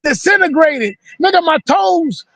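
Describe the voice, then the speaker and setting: High-voiced man telling a profane story. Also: normal speed, no echo. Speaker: host. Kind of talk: casual storytelling on a video call. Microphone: video call mic.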